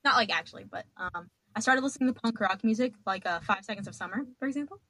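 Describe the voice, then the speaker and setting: A woman's voice: medium pitch, fast talker, pushed and bright, no room sound. A young woman telling stories as a podcast guest, chatty and dramatic, laughing as she goes. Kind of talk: casual storytelling.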